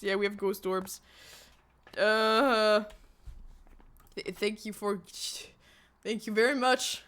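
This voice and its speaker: A woman's voice: medium pitch, level tone, takes it slowly, long pauses, a bit bright, clear, resonant tone. A woman streamer giving live, joking commentary while she plays a ghost-hunting game and chats to her viewers. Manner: chatty, joking, talks to chat and to a ghost.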